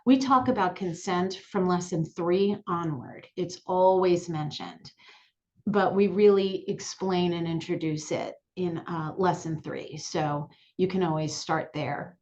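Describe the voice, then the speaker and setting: A woman sexuality educator speaking calmly and clearly to the camera, repeating her key points. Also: lowish voice, unhurried, dull audio. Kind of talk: direct-to-camera lesson. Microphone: looking into camera, on-camera mic.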